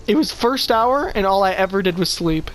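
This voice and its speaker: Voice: mid-range voice, lively intonation, moderate pace, faint music behind. A teenager hosting a casual podcast chat, complaining and telling stories animatedly. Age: teens. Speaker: podcast host.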